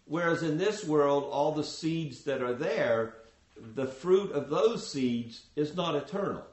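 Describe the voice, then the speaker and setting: A man giving a scripture class, explaining in a measured way with frequent restarts. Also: on the high side, expressive, roomy sound, poor audio. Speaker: spiritual teacher.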